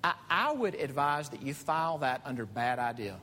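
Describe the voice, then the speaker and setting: A man preaching a sermon as pastor, animated, climbing to emphatic high peaks. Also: moderate pace. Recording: reverberant hall with faint rumble.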